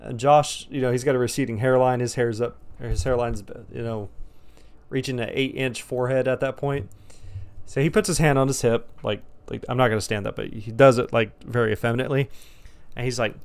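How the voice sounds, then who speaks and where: A man around thirty tells a personal story at an easy, middling pitch. He rambles, restarts and swears, relaxed and offhand. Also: a little fast. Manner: rambling, profane, laid-back. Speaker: storyteller vlogger. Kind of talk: casual storytime.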